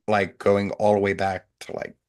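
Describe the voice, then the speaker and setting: A man's voice: on the low side, completely flat delivery, moderate pace, a little mellow. A man who is a regular on a casual podcast, telling stories in a rambling way full of "like". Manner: rambling storyteller, many "like"s. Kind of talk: casual chat.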